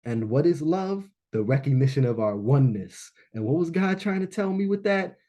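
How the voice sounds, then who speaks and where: A man with a warm, mellow voice tells a personal story to a live audience at a launch event. He is animated and often checks in with "right?". He drops into hushed reflection and then rises into excited emphasis. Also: on the high side, normal speed. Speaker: speaker at a business launch event.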